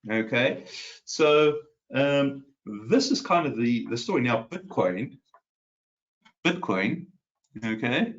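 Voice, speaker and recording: A man's voice: mid-range voice, animated, slow, long pauses. Rambling male market commentator, lo-fi. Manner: rambling, asks viewers questions, many fillers and restarts. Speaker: market analyst host. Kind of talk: casual live market commentary. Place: home office.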